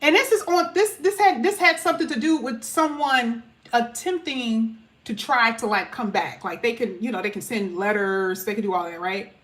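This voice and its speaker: High-voiced chatty woman reading tarot. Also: moderate pace, fairly bright tone. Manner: chatty, emphatic, casual slang. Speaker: tarot reader. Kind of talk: casual tarot reading to viewers.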